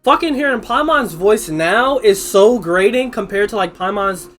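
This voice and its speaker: A woman streamer giving casual, profane, excitable commentary packed with fillers while she plays. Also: medium pitch, moderate pace, soft background music.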